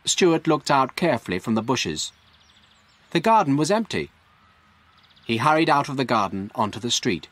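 A man narrating a graded story for English learners in a slow, clear, expressive way. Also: medium pitch, no room sound.

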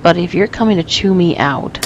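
A woman's voice: lowish voice, brisk, dull audio. A woman giving flustered, self-mocking let's play commentary and talking back to the game characters. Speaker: gamer. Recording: noisy home recording.

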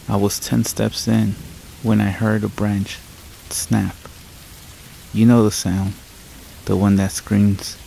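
A man with a low, heavily gravelly voice reads horror stories in a calm, measured way. Soft rain and distant thunder run faintly behind him. His telling is steady and unhurried. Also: slight background noise. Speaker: horror story narrator. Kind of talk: scripted horror narration. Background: rain and thunder ambience.

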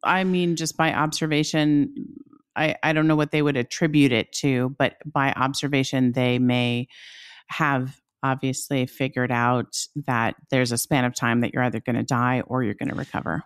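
A woman's voice: a bass voice, level tone, normal speed, clean tone. A woman co-hosting a podcast in casual chat, enthusiastic and supportive, laughing often. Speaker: podcast co-host.

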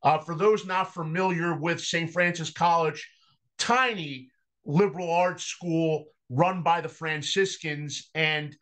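A man speaking as a guest on a sports podcast, measured and full of ums as he explains things. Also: a little high, fairly bright tone. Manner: slow, measured delivery with frequent ums. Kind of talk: casual podcast interview.

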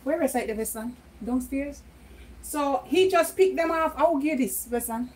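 Her voice sits high with a darkish tone and moves at normal speed, over slight background noise and poor audio. She is a middle-aged Jamaican woman casually chatting in a home vlog, laughing frequently and lapsing into patois.

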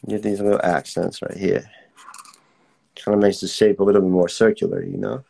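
A man's voice: deep voice, flat delivery, normal speed, creaky, warm tone, slightly rough. Laid-back man teaching a drawing class. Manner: laid-back, chatty, reads out viewer comments. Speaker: art teacher. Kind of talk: casual live-streamed drawing class.

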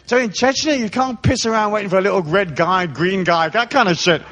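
A man's voice: high voice, brisk, fairly bright tone. A man giving a live spiritual lecture, irreverent, joking and profane. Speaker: spiritual speaker.

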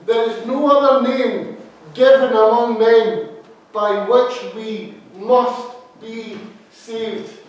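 A man preaching with a high voice, set back from the microphone. His words ring through a very echoey church hall, and he repeats key phrases with emphasis. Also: steady tone, takes it slowly. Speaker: associate minister. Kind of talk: sermon. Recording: very echoey hall, speaker far from mic.

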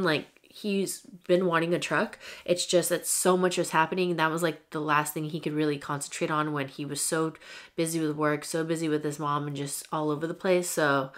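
Young woman vlogging, chatty and candid, lots of likes and ums, kinda low voice. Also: fairly bright tone. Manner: chatty and candid, with many fillers. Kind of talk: casual talk to camera.

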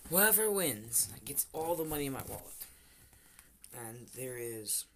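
A man's voice: mid-range voice, sing-song, unhurried, fairly bright tone. A young man explaining a game in a casual vlog chat, rambling with fillers and teasing, with faint background noise. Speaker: vlogger.

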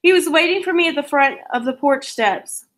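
A woman reads a novel aloud. Her voice sits somewhat high. She keeps a plain, steady pace and drops in casual asides. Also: normal speed. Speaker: reader.

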